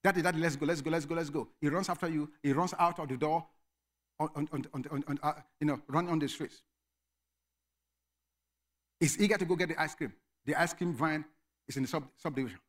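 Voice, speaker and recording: A man preaching a sermon as pastor, emphatic, dropping to quiet asides and rising to shouted commands. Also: a little high, fairly quick, pauses often.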